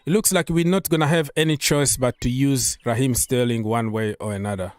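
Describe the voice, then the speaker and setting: A man's voice: mid-range voice, a little fast. A man hosting a casual football live stream, talking loosely, repeating himself and reading out viewer comments, with a delivery.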